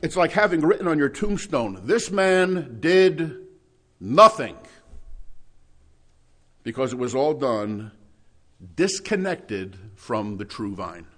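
A middle-aged man preaching a sermon, emphatic, with loud stressed words and quiet asides. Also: mid-range voice, big pitch swings, unhurried. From New Jersey.

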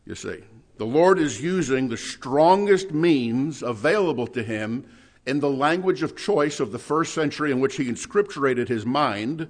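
A middle-aged man preaching a sermon, emphatic, with loud stressed words and quiet asides. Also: on the high side. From New Jersey.

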